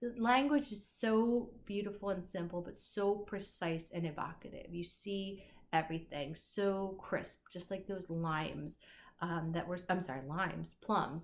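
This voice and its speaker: A woman's voice: fairly low pitch, a little slow, slight background noise. A woman teacher recording a casual lecture for an online class, enthusiastic and musing, with many fillers.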